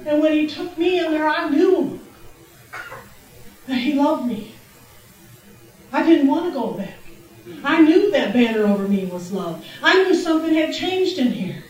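A middle-aged woman preaching a testimony sermon in a church, exuberant and laughing, breaking into shouts of praise. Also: sits high, expressive, unhurried, pauses often. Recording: very echoey church, distant mic.

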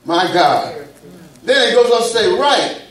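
A man's voice: high-pitched, sing-song, a little slow, fairly bright tone. Man, preacher, folksy and playful, very roomy church sound. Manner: call-and-response preaching, folksy and humorous. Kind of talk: sermon. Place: church sanctuary. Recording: echoey church room, mic at a distance.

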